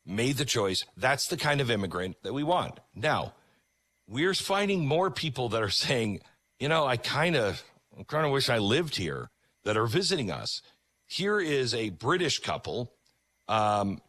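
A man's voice: mid-range voice, pushed and bright. A male host giving emphatic, conversational commentary while introducing video clips.

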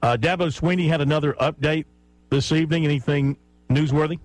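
A man hosting a sports talk radio show, chatting and briskly reading recruiting notes. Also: a little high, steady tone, no room sound.

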